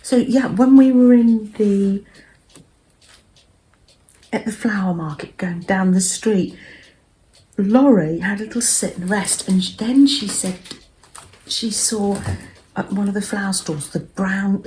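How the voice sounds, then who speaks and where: An older English woman hosting a cozy craft vlog, talking in a gentle, rambling way that often drops to a soft murmur. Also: medium pitch, unhurried. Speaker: craft vlogger.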